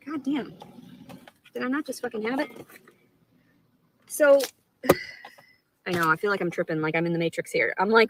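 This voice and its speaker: A woman's voice: mid-range voice, animated, normal speed, pauses often, a little hiss or hum, low-quality recording. Rambling, profane woman on a live stream. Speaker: livestreamer.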